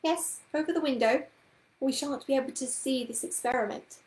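A woman voicing a prim, brisk middle-aged amateur witch who scolds in a crisp, bossy way, in a storybook reading. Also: high-pitched, a little mellow, natural voice. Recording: roomy echoing room.

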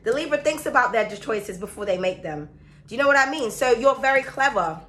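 A woman giving a chatty, excitable tarot reading to her viewers, her throat sore and coughing now and then. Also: a little high, a little fast, a little hiss or hum. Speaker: tarot reader. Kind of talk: casual astrology reading to camera.

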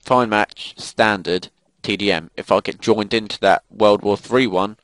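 A man's voice: lowish voice, steady tone, measured pace, a bit bright, no echo. A young man giving live commentary over a shooter game, swearing and ranting in frustrated outbursts. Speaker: gaming commentator.

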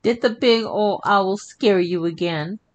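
A man's voice: high-pitched, expressive, slow pace, highs cut off, pitched above the performer's own voice. A man voicing a playful, caring young wife in a creepypasta story, in a raised, thin tone. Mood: teasing.

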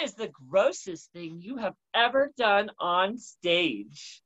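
A man's voice: high voice, animated, slow, a bit bright, breathy edge. A man hosting a casual interview chat, sassy and campy with playful slang, heard on a dull lo-fi recording. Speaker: talk show host.

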